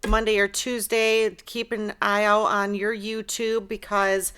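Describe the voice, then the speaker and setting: A woman with a smooth, resonant voice hosting a relaxed interview show. She chats easily, affirming her guest and filling her pauses with "um". She speaks like a host from the United States. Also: mid-range voice. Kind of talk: casual interview.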